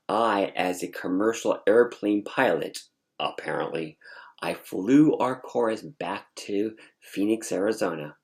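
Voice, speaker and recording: A man's voice: fairly low pitch, vocal fry, a little mellow. A man telling a dream story in a dramatic, sassy way as a vlogger.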